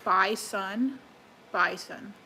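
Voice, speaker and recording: A woman's voice: mid-range voice, drawn-out words, sharp tone, a little hiss or hum, poor audio. A young Canadian woman from Alberta, chatting casually to her viewers on a live stream, rambling with fillers and restarts. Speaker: livestreamer. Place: home kitchen, cooking.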